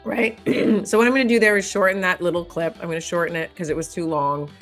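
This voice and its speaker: A woman's voice: fairly low pitch, fairly even intonation, fast talker, faint music behind. A woman hosting a casual editing tutorial, thinking aloud as she works and laughing often. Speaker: host.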